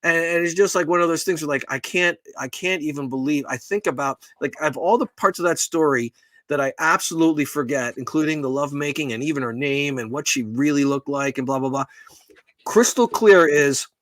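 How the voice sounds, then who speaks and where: A man's voice: fairly high pitch, a little fast, fairly bright tone, no room sound. A middle-aged man co-hosting a podcast, telling a rambling, profane, self-deprecating story in casual chat. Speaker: podcast co-host.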